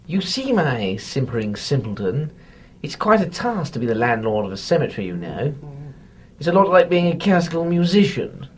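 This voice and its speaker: A woman's voice: low voice, sing-song, moderate pace, a little mellow, a little hiss or hum. A woman voicing a pompous, condescending severed head of a male cemetery landlord.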